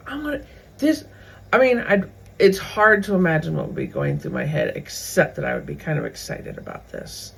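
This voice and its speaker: A woman's voice: mid-range voice, sing-song, brisk, vocal fry, rough recording. A woman hosting a faith video series, teaching a Bible story in a conversational way with many asides. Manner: conversational, retells scripture in everyday words with many asides.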